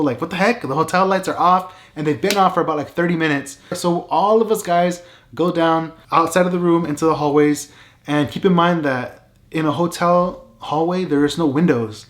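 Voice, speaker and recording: A man telling a true story to camera in a casual, animated way, full of "like" and "right?". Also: a little high. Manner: animated, emphatic, many "like" and "right?" fillers. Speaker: vlogger.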